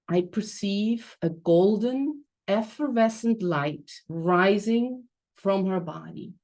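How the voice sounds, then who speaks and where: A woman from Switzerland giving a reflective, measured personal storytelling talk as a guest speaker over a video call. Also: fairly low pitch, mellow. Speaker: guest speaker, transition coach.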